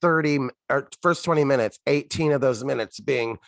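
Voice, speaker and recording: Man, podcast co-host, blunt sarcastic chat, gravelly, dry close mic. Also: medium pitch, normal speed, dry recording. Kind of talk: casual chat.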